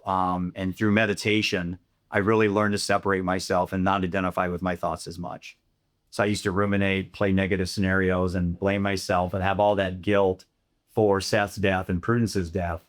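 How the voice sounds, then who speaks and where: A middle-aged man telling his story of loss and recovery in a candid, reflective way, with fillers and restarts. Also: deep voice. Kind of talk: personal storytelling talk.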